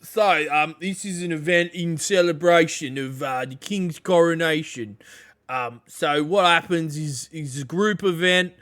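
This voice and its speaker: Slow, bright-voiced game master. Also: male voice, on the high side, dry recording, clean studio sound. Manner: relaxed, laughs often, filler-heavy narration. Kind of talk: running a tabletop game.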